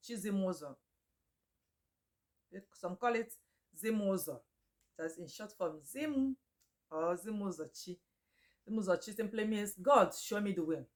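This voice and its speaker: A woman teaching names in a casual chat, repeating each one slowly and laughing often. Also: medium pitch. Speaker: Igbo language teacher. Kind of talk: casual spoken lesson.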